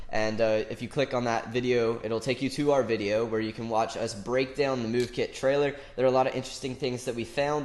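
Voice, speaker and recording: A man's voice: medium pitch, echoey room. A young man co-hosting a casual gaming podcast, talking chattily through a stuffy nose from a cold. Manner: nasal, chatty, fillers. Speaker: podcast co-host.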